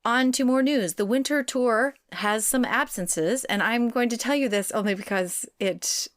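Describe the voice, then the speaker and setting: A woman co-hosting a podcast in casual chat, playful and lively, with quick excited asides. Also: on the high side, dry recording, clean studio sound. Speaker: podcast co-host.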